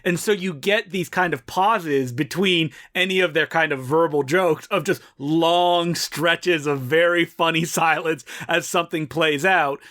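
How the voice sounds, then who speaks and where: A man's voice: fairly high pitch, unhurried, few pauses. A man co-hosting a film podcast, talking casually and laughing often as he recounts scenes. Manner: animated, laughs often, playful quoting. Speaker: podcast co-host.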